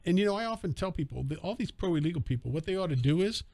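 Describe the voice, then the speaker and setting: A man hosts a call-in radio show from a studio, his voice pitched a little high and dry, without room echo. He argues emphatically, stacking rhetorical questions and repeating his points. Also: expressive, fast, darkish tone. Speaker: fill-in radio host.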